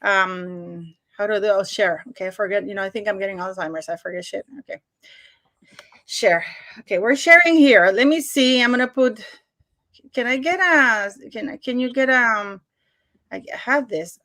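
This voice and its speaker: A woman's voice: mid-range voice, normal speed, bright, forceful tone, dry recording, studio quality. A woman hosting a casual live stream over a video call, chatty and repetitive, fumbling with her screen-sharing as she talks. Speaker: livestream host.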